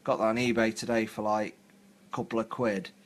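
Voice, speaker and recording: A man's voice: on the low side, flat delivery, fairly quick. A man from England with a southern English accent, chatting casually on a hobby live stream while painting miniatures at home, rambling and full of fillers.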